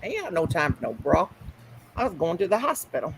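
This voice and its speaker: A woman hosting a casual crochet live stream, telling animated stories. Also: fairly low pitch, a little fast, vocal fry. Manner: animated storyteller, quotes people with Southern-style grammar. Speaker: crochet channel host. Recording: noisy home live stream.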